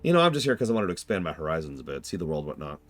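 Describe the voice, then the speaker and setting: A man's voice: sits low, big pitch swings, rapid-fire, a bit bright, heavily acted. A man voicing a carefree male artist with an exaggerated German accent, airy and chatty. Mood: breezy. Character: breezy male traveling artist, cheerful and carefree.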